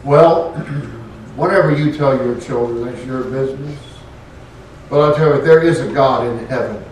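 A man's voice: medium pitch, unhurried, a little mellow, slight background noise. A man preaching a sermon in a folksy way, rising to emphatic points. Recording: echoey room, voice from far off.

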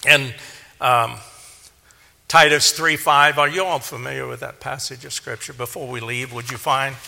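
A man preaching a sermon, earnest, swelling to emphatic peaks and then dropping low. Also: fairly even intonation, moderate pace, vocal fry, sharp tone. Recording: long hall reverb.

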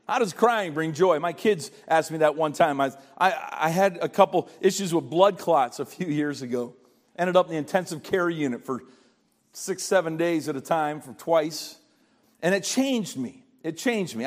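An older man preaching a sermon in a pleading, earnest way, often stammering and repeating phrases. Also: high voice. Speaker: pastor.

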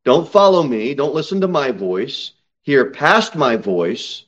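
A male pastor preaching at the pulpit of a church, reading scripture aloud. He leans on slow, drawn-out stresses and climbs to sudden raised peaks when he drives a point home. His voice sits in a middle pitch, and the recording sounds dull and lo-fi. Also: sing-song, fairly bright tone. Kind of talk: sermon.

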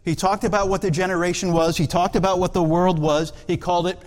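A man's voice: high-pitched, flat delivery, quick pace, darkish tone, long reverb tail. A man preaching a sermon, putting rhetorical questions to the congregation.

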